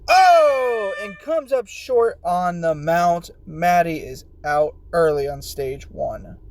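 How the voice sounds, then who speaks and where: A man giving casual play-by-play commentary on a game competition, excitable and swearing, yelling when players fall. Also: on the high side, slow pace.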